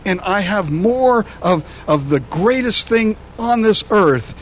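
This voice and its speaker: A man who is a pastor, preaching a sermon in an animated, conversational way, often repeating words as he goes. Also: high-pitched, slow pace, muffled recording, slight background noise.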